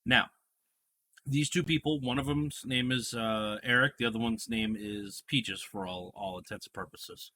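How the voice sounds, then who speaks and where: A man's voice: medium pitch, moderate pace, sharp tone, slight background noise. A man hosting a casual podcast chat, retelling a TV scene in a rambling, storytelling way. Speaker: podcast host.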